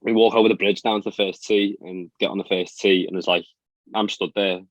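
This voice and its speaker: Speaking in a low, fairly even voice, a young man who plays golf professionally chats through stories on a podcast. His fast delivery is loaded with fillers and laughs, captured with no room sound on a dry, dull lo-fi track.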